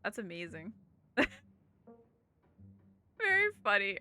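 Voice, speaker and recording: Casting: lively, giggly woman streamer, bright voice with a gravelly edge, faint game music behind. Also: on the high side, unhurried, long pauses. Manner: giggly, animated, reads game text aloud. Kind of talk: casual gaming commentary.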